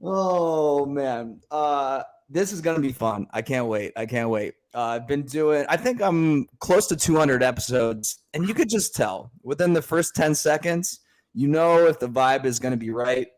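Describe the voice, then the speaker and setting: Upbeat podcast host guy, kinda high voice, says uh a lot. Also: animated, unhurried, a little mellow. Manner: upbeat, friendly questioner with fillers. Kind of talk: casual interview chat.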